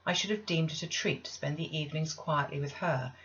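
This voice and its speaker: A woman narrating a classic novel as an audiobook reader, in a measured, deliberate way with pauses. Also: low-pitched, fairly bright tone, highs cut off.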